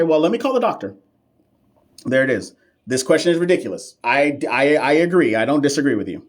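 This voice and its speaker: A man runs a live-stream lesson on nursing exam questions. He is sassy and playful, answers viewers' comments directly, and leans on slang and emphatic repetition to drive points home. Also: mid-range voice. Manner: sassy, playful, talks back to chat.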